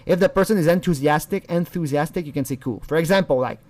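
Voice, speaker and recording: A man in casual commentary mode, his voice sitting a touch high. The sound is dry and close with no room around it. He rambles, restarts his words and mimics how others talk. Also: fast talker, darkish tone, no echo. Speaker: channel host. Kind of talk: casual commentary on a recorded call.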